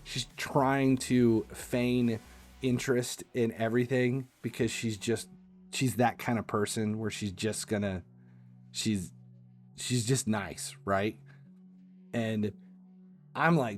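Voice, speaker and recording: A man hosting a livestream, telling a casual anecdote in an animated, exasperated way with casual swearing. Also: lowish voice, takes it slowly, soft background music. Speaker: livestream host. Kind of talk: casual storytelling.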